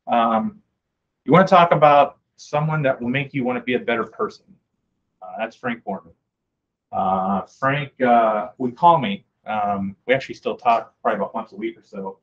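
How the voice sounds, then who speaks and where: Midwestern male speaker, chatty storyteller who voices the people he quotes, dull lo-fi audio. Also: medium pitch. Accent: American Midwest. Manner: anecdotal, acts out quoted dialogue; frequent fillers, conversational. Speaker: guest speaker. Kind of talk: casual storytelling talk.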